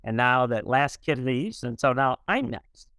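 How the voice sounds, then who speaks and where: A man's voice: mid-range voice, sing-song, a little slow, a bit bright, no room sound, studio quality. A middle-aged man, a podcast guest, telling a personal story in an earnest, conversational way and acting out the dialogue.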